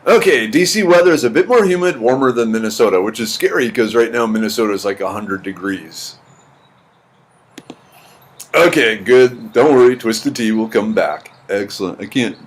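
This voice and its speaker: Speaking in a fairly low voice, a man streams casually from home, reading the chat, welcoming viewers by name and rambling with dry humor. His usual mic isn't in use; he's talking into the computer's built-in one.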